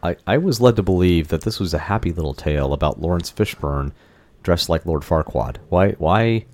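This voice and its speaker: Man, very deep voice, podcast co-host, dry wisecracks, casual chat. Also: animated, brisk, darkish tone.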